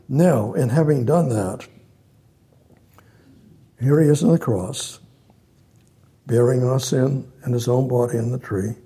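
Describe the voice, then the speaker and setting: A man's voice: mid-range voice, warm tone, breathy edge. A man preaching a sermon, reading scripture aloud and repeating his phrases as he explains them.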